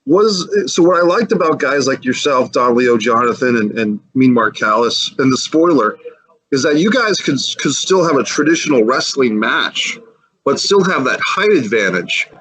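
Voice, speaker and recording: A man's voice: mid-range voice, animated, moderate pace, fairly bright tone, husky, poor audio. Male co-host with a mid-range voice who asks long, winding interview questions. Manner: long, searching questions with restarts.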